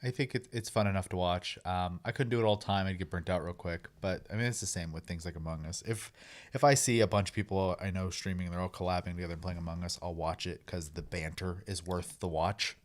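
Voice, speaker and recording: A man's voice: low voice, steady tone, fast talker. A man co-hosting a gaming podcast, talking casually and measuredly, thinking aloud as he goes. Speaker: podcast co-host. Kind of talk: casual chat.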